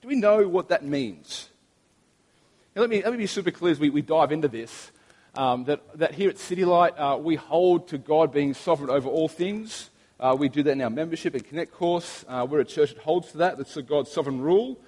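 A man's voice: on the high side, a little fast, darkish tone. A man in his thirties, a pastor, preaching a sermon in a chatty, storytelling way with frequent restarts. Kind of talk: sermon with prayer. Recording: long reverb of a large hall.

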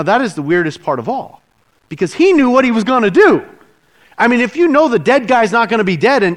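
A middle-aged man preaching a sermon in a conversational, emotive way, swinging from loud exclamations to hushed, quiet lines. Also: high-pitched. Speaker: pastor.

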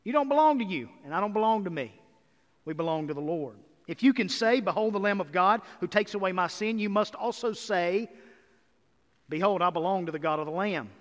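A man preaching a sermon as pastor, energetic and building to emphatic repeated lists. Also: high-pitched, brisk. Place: church sanctuary. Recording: reverberant hall.

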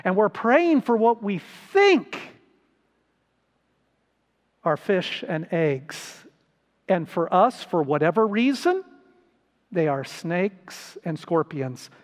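Slow high-voiced male pastor preaching. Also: big pitch swings, in a large hall. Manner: slow, deliberate preaching with sudden rises for emphasis. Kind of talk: sermon.

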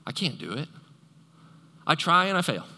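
A man's voice: on the high side, very animated, normal speed, gravelly, sharp tone, exaggerated voice. A man voicing a helpless, self-pitying crippled man lying on a mat, whining and pleading, in a sermon illustration. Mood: defeated. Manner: whiny, pleading, complaining. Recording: long echoey hall reverb.

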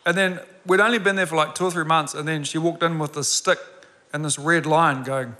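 A man's voice: fairly high pitch, fairly even intonation, a little fast, pushed and bright. Earnest preacher man in a big echoing hall. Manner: earnest, builds to emphatic repeated lines. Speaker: pastor. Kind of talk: sermon with personal story. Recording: long reverb of a large hall.

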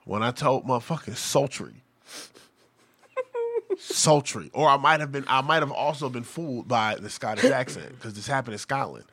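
Male podcast co-host, bright forceful tone, animated crude storyteller. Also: medium pitch, moderate pace. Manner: animated storyteller, mimics friends with raised voice. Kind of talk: crude casual banter.

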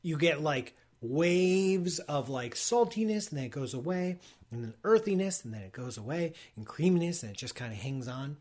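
Animated and slightly high-voiced with a darkish tone, this streamer talks at normal speed through a sponsor segment and a cheese tasting. He gushes and wanders, cutting himself off with restarts, asides and lots of "likes."

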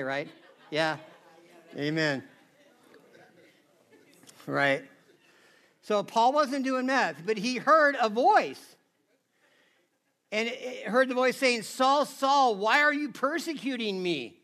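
A man's voice: sits high, bright, forceful tone. A man preaching a casual, conversational sermon, chatty and always asking his listeners "right?". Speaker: pastor.

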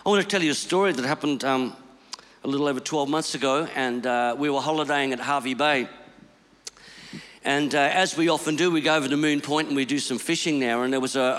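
A man preaching a storytelling sermon, swinging between hushed lines and shouted ones. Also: mid-range voice, fairly quick, in a large hall.

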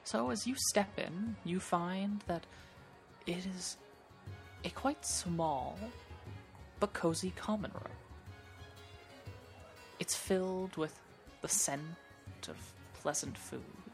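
A woman narrating as game master of a tabletop game, describing scenes at an unhurried pace with small hesitations. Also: fairly low pitch, vocal fry, faint music behind.

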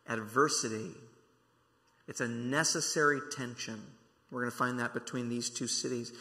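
A man's voice: mid-range voice, bright, forceful tone. A man preaching a sermon, emphatic and repeating key words to drive his points home, heard in a large hall. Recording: long reverb from a large hall.

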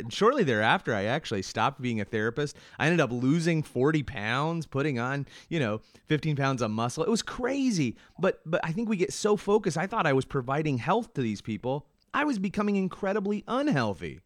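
A man's voice: a little high, big pitch swings, brisk, hardly any pauses, dry recording, clean studio sound. A man in his forties hosting a casual interview, candid and self-deprecating in his stories, often answering with "mm". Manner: candid, self-deprecating storyteller, frequent "mm" backchannels. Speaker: podcast host.

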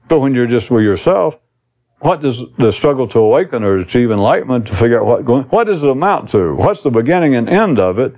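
A man's voice: medium pitch, darkish tone. A man giving a recorded spiritual talk to an audience, rambling and blunt, swearing casually as he teaches.

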